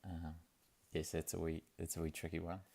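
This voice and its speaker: This is a young man, chatting to camera in a casual video diary. His voice sits very low and gravelly, with little rise and fall, and he rambles along easily with plenty of fillers. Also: monotone, moderate pace, dark tone. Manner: laid-back and rambling, with many fillers and restarts. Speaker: vlogger.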